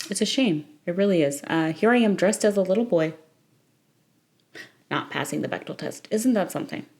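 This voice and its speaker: A woman's voice: sits low, a little mellow. A young woman chatting casually in a late-night vlog, rambling and playful, breaking into squeals and laughter. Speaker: vlogger.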